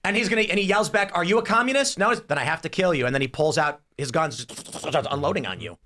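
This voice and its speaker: A man's voice: a little high, fast. A man hosting a political panel podcast, talking through hypotheticals and acting out the voices in them. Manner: animated, acts out voices in hypotheticals. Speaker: podcast host.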